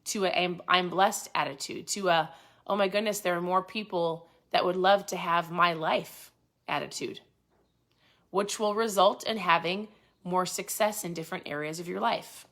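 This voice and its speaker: A woman's voice: fairly low pitch, steady tone, moderate pace, a bit bright. A woman hosting a lifestyle channel, chatting casually and animatedly about a motivational book. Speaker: host of a keto lifestyle channel.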